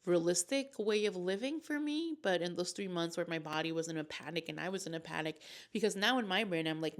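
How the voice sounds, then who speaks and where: A woman's voice: on the low side, animated, fairly quick. A young woman vlogger telling a personal story in a casual, emotional, rambling way with lots of fillers.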